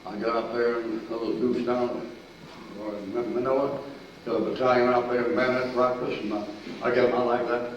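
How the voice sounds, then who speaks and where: An older man preaching a sermon, telling army stories in a folksy, animated way, with sudden shouts and laughs. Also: medium pitch, normal speed, slight background noise. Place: church sanctuary. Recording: echoey distant church recording, dull and lo-fi.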